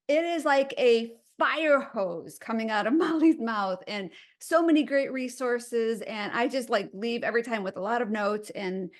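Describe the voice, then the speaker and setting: A woman hosting a podcast interview, encouraging and quick to affirm her guest. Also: fairly high pitch. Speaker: podcast host.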